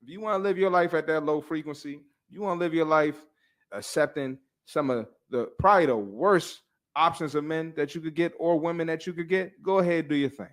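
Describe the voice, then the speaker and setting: A young adult man hosting a casual fitness podcast, blunt and animated, slangy and quick to laugh. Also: a little high.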